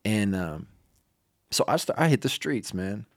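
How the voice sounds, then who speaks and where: Lively casual preacher man. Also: fairly low pitch, unhurried, no echo, studio quality. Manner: casual, loose, heavy on fillers. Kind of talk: personal storytelling in a conversation.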